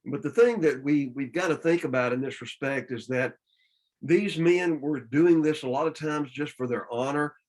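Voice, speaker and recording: A man with a Southern US accent leads a church Bible study, his voice sitting a little higher than most. He explains scripture patiently, often restarting and repeating words as he works through a thought. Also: normal speed, a little mellow, low-quality recording. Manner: explanatory, with frequent restarts and repetitions.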